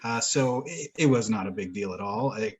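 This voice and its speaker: A man's voice: lowish voice, lively intonation, normal speed. A man co-hosting a podcast, telling a long rambling story in casual chat, swearing and laughing often. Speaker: podcast co-host.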